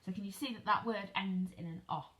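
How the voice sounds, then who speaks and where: A woman teaching an online phonics lesson to young children, speaking slowly and clearly, asking questions and spelling words out letter by letter. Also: mid-range voice, a bit bright. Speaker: primary school teacher.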